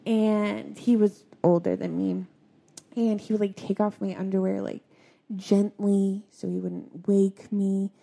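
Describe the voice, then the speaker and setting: In a confessional conversation, a young adult woman speaks softly and haltingly, filling her sentences with filler words. Her mid-range voice has vocal fry and barely moves in pitch.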